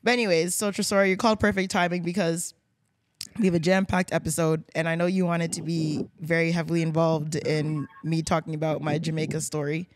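A woman hosting a podcast in casual chat, talkative and quick to laugh. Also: low voice, flat delivery. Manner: chatty, laughs often, easily distracted. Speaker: main podcast host. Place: podcast studio.

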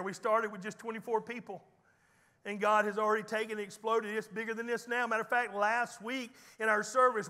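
A man's voice: sits high, sharp tone, big-room sound. A man preaching a sermon as pastor, telling folksy stories with teasing humor. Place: church sanctuary.

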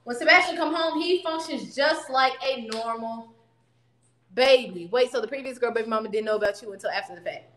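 Bright, animated woman telling a story. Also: a little high, fairly quick. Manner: blunt, animated, talks back to people off camera. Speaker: storyteller vlogger. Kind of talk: casual storytime. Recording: echoey room.

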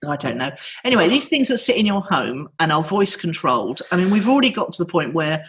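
A woman's voice: fairly low pitch, sing-song, quick pace. A woman hosting a podcast, arguing her point with eager, rambling enthusiasm and frequent laughs. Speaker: podcast host. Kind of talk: casual chat.

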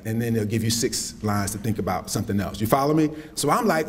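A middle-aged man lectures on campus. He tells stories in an animated way and slips into quoted voices and folksy asides. Faint hiss sits under his voice. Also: lowish voice, fast talker, few pauses. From South Carolina, US Southern. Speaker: poet lecturing. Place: lecture hall.

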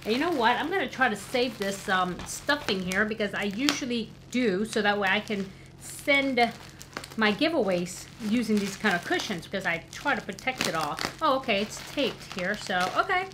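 A woman vlogger unboxing a gift in a casual chat, gushing and excitable, with gasps and soft exclamations. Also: mid-range voice, moderate pace, noisy background.

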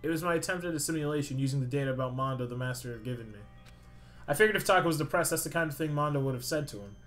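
A young man playing a video game, reading the dialogue aloud and reacting with swearing and sudden loud outbursts. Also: fairly high pitch, racing, faint music behind. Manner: swears a lot, swings from mumbling to loud excited outbursts. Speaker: let's play gamer. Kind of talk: let's play commentary reading dialogue aloud.

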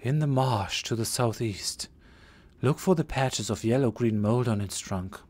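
A man's voice: mid-range voice, measured pace, a little mellow, close to an everyday voice. A man voicing a young female temple priestess in a role-playing game, polite and distant.

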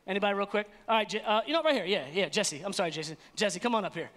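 A man preaching an energetic sermon as pastor, animated and playful, acting out little scenes. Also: high voice, racing. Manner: animated, playful, acts out voices. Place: church sanctuary. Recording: long hall reverb.

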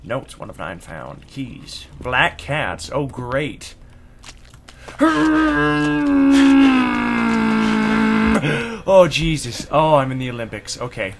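A young man commenting on a horror game he plays in his room, easily startled and swearing, yelling at noises. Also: medium pitch, expressive, a little slow, few pauses, heavy background noise. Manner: jumpy and profane, yelling at loud noises. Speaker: gaming let's play host. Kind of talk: let's play commentary. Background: game music.

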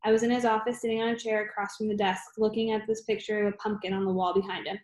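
A woman's voice: mid-range voice, level tone, fast talker, hardly any pauses, darkish tone, reverberant. A woman reading a novel aloud as an amateur audiobook, in a plain, unpolished way. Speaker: reader.

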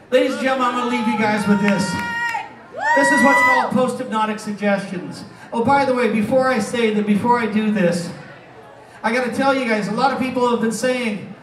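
High-voiced brash stage hypnotist. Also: male voice. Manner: brash, joking showman patter. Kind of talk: live comedy stage show. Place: casino showroom stage. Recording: echoey room from far off, crowd.

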